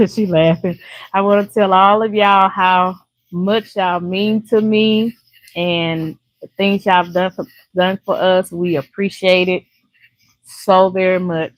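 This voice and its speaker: A woman's voice: medium pitch, fairly even intonation, takes it slowly, rough recording. Chatty older woman. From Louisiana. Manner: chatty, laughs often, warm folksy talk. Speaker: YouTube live streamer. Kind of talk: casual chat to live viewers.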